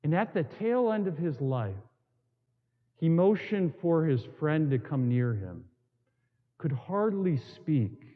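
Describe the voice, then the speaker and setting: A man preaching a sermon as a priest, telling stories with emphatic repetition and dramatic pauses. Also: a little high, sing-song. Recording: tinny, in a long reverberant hall.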